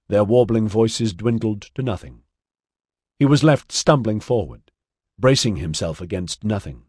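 A man narrating an audiobook in an expressive, measured storytelling manner. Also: on the low side, slightly rough, no echo, studio quality.

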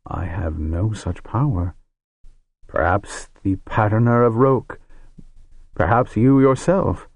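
Man voicing calm king, measured, courteous, slow, dry audiobook sound. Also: on the low side, no room sound.

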